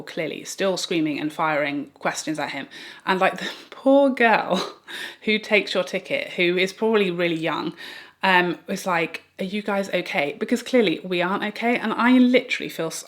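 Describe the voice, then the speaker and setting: A British woman vlogger telling a personal story in a rambling, animated way, with restarts and small laughs. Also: on the low side. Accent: British English. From Britain. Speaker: beauty vlogger. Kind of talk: get-ready-with-me storytime.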